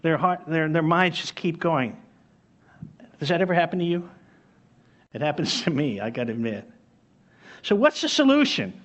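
A man's voice: fairly high pitch, moderate pace, long pauses. A man preaching a sermon as pastor, emphatic, repeating key phrases and telling stories.

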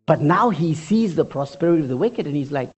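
This pastor's sermon is expressive and a little fast, his husky, darkish voice swinging up high and down low as each point lands. He keeps turning to the congregation with direct questions, and the audio comes across dull and lo-fi.

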